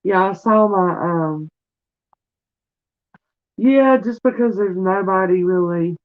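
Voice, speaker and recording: A woman of middle age talks slowly in a medium-pitched voice on a relaxed live stream, the audio thin and phone-like. Teary and warm, she keeps calling her viewers honey and sweetie.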